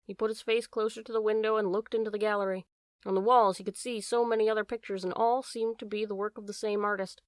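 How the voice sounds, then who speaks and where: A woman narrating a short story in a measured, even reading voice. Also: medium pitch, dry recording, studio quality. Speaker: reader.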